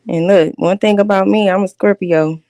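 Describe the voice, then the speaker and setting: In her casual livestream commentary, this host is blunt and confrontational, repeatedly questioning those she calls out. Her medium-pitched voice has a dark, steady tone and a moderate pace. The recording is dry and close, with no room sound.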